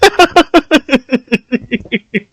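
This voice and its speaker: A man's voice: very high-pitched, animated, drawn-out words, a bit bright, no room sound. A man hosting a livestream, telling comic stories in casual slang, laughing often and acting out the people he quotes. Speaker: livestream host.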